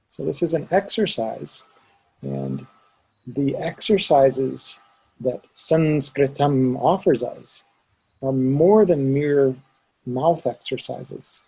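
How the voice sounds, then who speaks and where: A man's voice: medium pitch, very animated, takes it slowly, gravelly, a little mellow, breathy edge, rough recording. A man teaching a student one-on-one, patiently explaining and demonstrating sounds aloud. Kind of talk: one-on-one pronunciation lesson.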